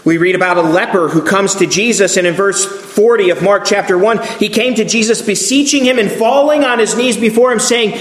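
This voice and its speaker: A man's voice: sits high, brisk, hardly any pauses, a bit bright, echoey room. A man preaching a sermon as pastor, reading scripture aloud and acting out the quoted voices with feeling.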